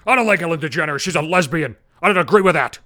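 A young man putting on his father's voice, a blustering, bigoted older man shouting indignantly. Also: a little high, animated, quick pace.

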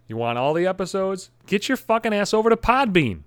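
A man's voice: high voice, animated, a little fast, hardly any pauses, clean tone, no room sound. A man hosting his own podcast, ranting at home with constant swearing and exasperation. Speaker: podcast host. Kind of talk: profane comedic rant.

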